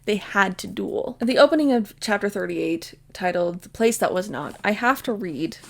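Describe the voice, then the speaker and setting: A woman casually summarizing a book's plot in a chatty way, deeply invested in the story. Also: animated, moderate pace, gravelly. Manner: chatty, retells the plot with "like" and "basically". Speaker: book vlogger. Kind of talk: casual spoken book summary.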